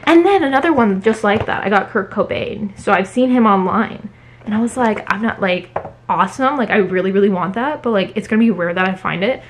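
A woman chatting casually at home in a haul vlog, talking fast with many fillers. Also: medium pitch, slight background noise. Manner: chatty, fillers every few words. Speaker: book vlogger.

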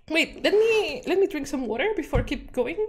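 A young woman streaming a horror game, panicking, laughing and yelling at the screen. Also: high-pitched. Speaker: vtuber streamer. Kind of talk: live gameplay commentary.

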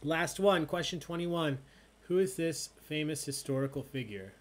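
A man's voice: on the high side, normal speed, a little hiss or hum. A man hosting an online trivia night, reading questions and joking with the players in a casual, chatty way. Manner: joking, chatty, drinking as he hosts. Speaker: trivia host.

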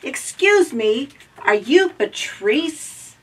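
A woman voicing an earnest, curious young robot in a storybook read-aloud, her voice raised high and bright. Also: very animated, extremely slow, breathy edge, distant mic, full character voice, poor audio. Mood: eager. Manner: bright, eager questioning.

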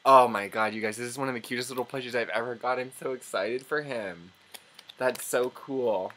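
A man's voice: medium pitch, normal speed. A young man hosts an unboxing vlog in a bubbly, gushing way. He keeps chatting straight to his viewers, his mid-range voice jumping into squeals and gasps of delight. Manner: gushing and excitable, squealing and gasping often. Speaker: channel host.

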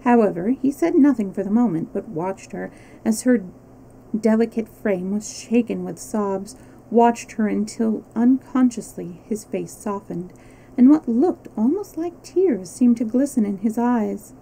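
A woman storyteller reading a classic novel aloud on a live stream, expressive, with small slips and restarts. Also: on the high side, measured pace, vocal fry, slight background noise, low-quality recording.

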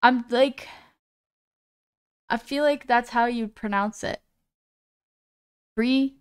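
A woman's voice: on the high side, takes it slowly, long pauses, smooth. A woman streaming live, chatting casually as she reads viewers' messages aloud, often stumbling over names and apologizing.

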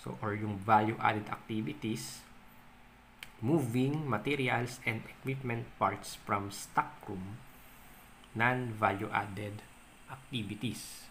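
A young Filipino man with a Filipino accent, teaching an accounting lesson on video. He reads definitions, then explains them with simple examples and pauses with "um.". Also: on the low side, steady tone, fairly bright tone, slight background noise. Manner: explains in mixed Tagalog and English, reading definitions then giving examples; stretches out key terms, pausing with "um". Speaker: accounting tutor.

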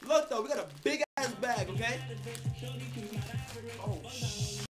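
A young man on a livestream talking to his chat, loud, excitable and full of slang. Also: extremely high pitch, fairly quick, over loud music.

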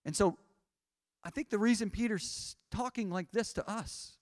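Man, pastor, sermon, high voice, dry close sound, repeats and restarts phrases. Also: moderate pace, no echo. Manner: preaching with rising intensity and repeated restarts. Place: church sanctuary.

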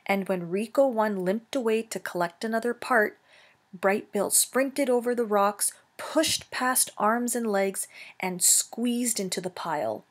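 A woman teacher reading a children's novel aloud, slow and careful, correcting herself now and then. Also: mid-range voice.

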